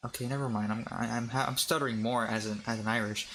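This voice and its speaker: A man reads articles aloud to his stream chat. He trips over words, jokes and breaks off to laugh. His voice is bright and forward, with a faint background hum. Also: medium pitch, fairly even intonation, quick pace. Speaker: VTuber streamer.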